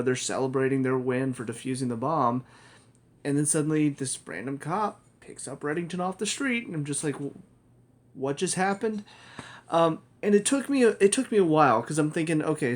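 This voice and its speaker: A man giving a casual spoken review of a TV show, rambling, correcting himself and laughing often. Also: on the high side.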